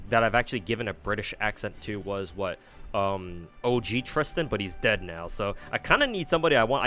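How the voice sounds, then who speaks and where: A man's voice: lowish voice, bright, forceful tone. A man casually commenting on a game he reads aloud, laughing at himself and swearing freely. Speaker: streamer reading a game aloud.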